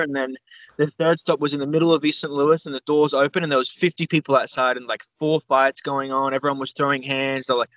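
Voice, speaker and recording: A young Australian man telling a long story as a podcast guest, rambling and animated, full of fillers and the odd swear word. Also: medium pitch, fairly quick, no room sound, highs cut off. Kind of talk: casual storytelling interview.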